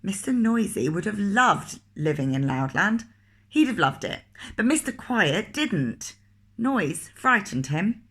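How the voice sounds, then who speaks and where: A woman reading a picture book aloud to children, expressive and asking the listener questions. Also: medium pitch, takes it slowly, husky. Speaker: teacher reading a story to children.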